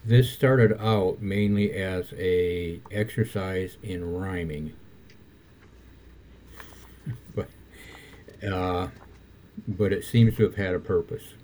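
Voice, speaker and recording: An older man who reads his own poems aloud and muses on them in a halting, self-correcting way. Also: low voice, warm tone, slight background noise. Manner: halting, self-correcting, faith-focused musing. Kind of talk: reflective conversation and poetry reading.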